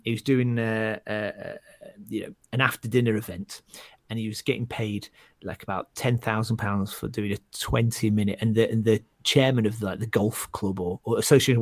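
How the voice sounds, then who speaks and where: A man's voice: fairly low pitch, level tone, normal speed, dry recording. A male stand-up comedian chatting casually, rambling with many restarts and fillers as he tells stories. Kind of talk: casual chat.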